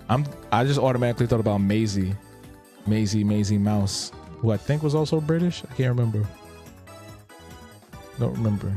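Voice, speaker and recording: A man's voice: lowish voice, a little fast, mellow, soft background music. A man hosting a live drawing stream, chatting casually in a laid-back, slangy way and often repeating his phrases. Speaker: live-stream host and artist.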